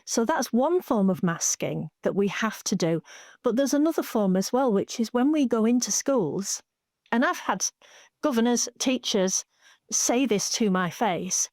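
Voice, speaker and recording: A woman who is an author and a parent, speaking earnestly and in a measured way as a podcast guest. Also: on the high side, animated, darkish tone, no echo, studio quality. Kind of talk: conversational podcast interview.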